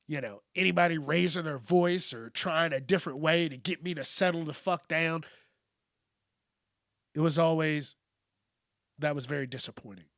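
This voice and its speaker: A man hosting a podcast, speaking in a candid, reflective monologue that is full of cursing, with frequent pauses and soft trailing-off. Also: on the high side, no room sound, studio quality. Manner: candid, profane, pauses often and trails off softly. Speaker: podcast host.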